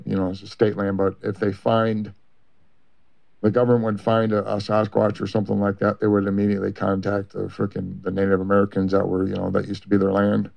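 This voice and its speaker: Gravelly low-voiced man, halting storyteller. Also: monotone. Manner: halting, full of fillers and restarts. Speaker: interviewee. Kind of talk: rambling personal account. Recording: muffled lo-fi recording.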